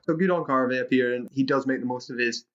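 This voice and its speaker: A man's voice: mid-range voice, fast, muffled recording. A man co-hosting a podcast, chatting casually about a film, rambling and swearing, restarting his sentences. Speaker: podcast co-host. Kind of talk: casual film-review chat.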